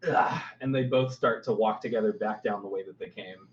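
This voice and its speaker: Relaxed man running a tabletop game. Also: on the low side, brisk, few pauses, roomy sound, highs cut off. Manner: relaxed, descriptive, self-correcting. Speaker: game master.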